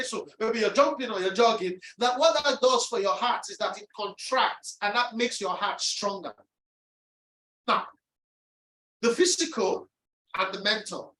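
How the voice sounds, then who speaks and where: A woman delivers an emphatic motivational lecture in a somewhat high voice. She repeats her key lines for emphasis and acts out other people's inner voices. The mic sits far from her in an echoey room. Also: a bit bright. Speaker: speaker presenting on resilience.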